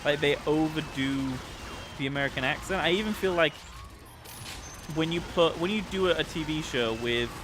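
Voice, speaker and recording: A man's voice: a little high, moderate pace, background noise. A man with a British accent giving rambling, casual commentary while livestreaming a game. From Britain. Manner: chatty, rambling, with many fillers. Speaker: livestream gamer.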